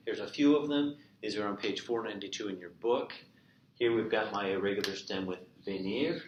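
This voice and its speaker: A man teaching a recorded remote Spanish lesson, explaining verb endings and repeating each example slowly. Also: mid-range voice, fairly bright tone. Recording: echoey room with faint noise.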